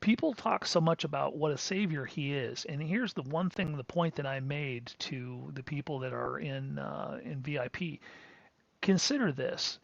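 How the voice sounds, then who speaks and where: A man's voice: a little high, moderate pace, vocal fry, no room sound. A middle-aged man hosting a crypto livestream, ranting emphatically and rambling, with frequent restarts and asides. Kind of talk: live-streamed rant. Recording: dull lo-fi stream audio.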